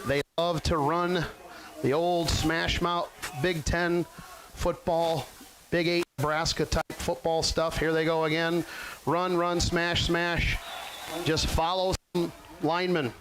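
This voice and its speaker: Man, forties, play-by-play announcer, high voice, folksy hype, local game webcast. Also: flat delivery, slow, fairly bright tone, slight background noise, rough recording. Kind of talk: local sports webcast commentary.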